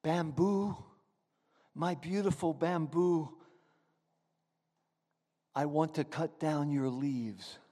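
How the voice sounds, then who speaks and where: A man voicing a serious, loving master of a garden, speaking low, quiet and grave. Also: extremely slow, pauses often. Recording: echoey hall.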